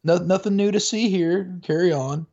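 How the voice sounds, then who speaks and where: Man, podcast co-host, rambling casual storyteller, higher-pitched voice, dull lo-fi sound. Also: normal speed, gravelly, mellow. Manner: rambling storyteller, many fillers and restarts. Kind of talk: casual chat. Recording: dull lo-fi audio.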